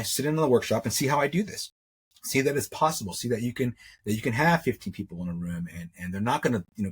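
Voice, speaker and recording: His voice is on the low side, and there's slight background noise. This middle-aged man, a metalsmith and interview guest, describes his life as a jewelry maker in a casual, rambling manner, repeating words and imitating what others said.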